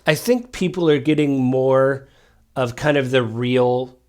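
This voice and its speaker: Animated male podcast co-host. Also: medium pitch, unhurried. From Washington State. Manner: animated storytelling, rambling asides. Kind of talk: casual political chat.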